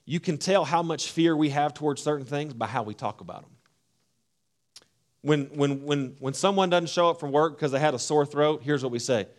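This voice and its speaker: A man preaching a sermon, swinging from hushed, low phrases to loud, emphatic ones. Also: moderate pace. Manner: preaching with wide swings between hushed and loud, acting out voices. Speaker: pastor.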